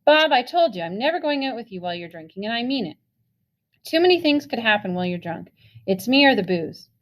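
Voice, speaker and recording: A woman's voice: on the high side, sing-song, fairly quick, voice pushed up. A woman voicing a confident teenage girl who speaks pointedly and firmly.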